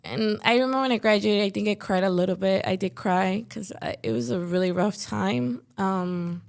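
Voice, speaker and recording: This podcast guest is a young woman from Chicago with a creaky, medium-pitched voice at normal speed. It's relaxed interview conversation, and she fills it with plenty of "like" and "you know."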